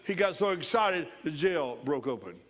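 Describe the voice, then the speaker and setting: With an expressive, fairly bright voice a little higher than most men's, a pastor preaches a church sermon at normal speed. He reinforces his points by repeating phrases, and hearty laughter breaks out as he encourages joy.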